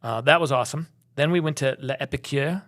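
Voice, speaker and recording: A man's voice: medium pitch, a little fast, a bit bright. Middle-aged guy from minnesota rambling through travel stories, easygoing chat. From Minnesota, USA. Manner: rambling, storytelling with restarts. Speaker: travel podcast co-host. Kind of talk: casual chat.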